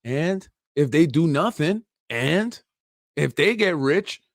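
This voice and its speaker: A man's voice: on the high side, animated, takes it slowly, no echo, studio quality. A man hosting a political talk show, ranting loosely with sarcastic asides and a lot of "you know". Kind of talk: unscripted political rant. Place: Yonkers, New York.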